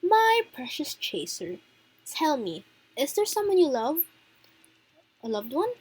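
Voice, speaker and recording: A mocking, theatrical mystery man, as a woman reads him, smooth and taunting. He sounds high for a man, and every question comes out as a cool, teasing challenge. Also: huge pitch swings, slow, a little mellow, exaggerated voice, rough recording. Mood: probing.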